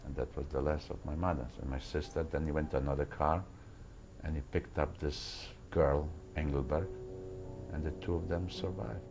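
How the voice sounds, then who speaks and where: Deep gravelly old man, halting testimony. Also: steady tone, music in the background, poor audio. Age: older. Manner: halting, repeats words while searching for them. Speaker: interviewee recounting wartime memories. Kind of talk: personal testimony.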